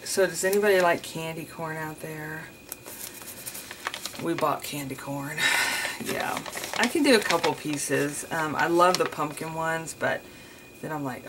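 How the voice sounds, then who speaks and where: A woman's voice: sits low, measured pace, background noise. A woman chatting casually to viewers while setting up her journal, rambling and often saying "you guys". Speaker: journaling vlogger. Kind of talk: casual chatty crafting tutorial.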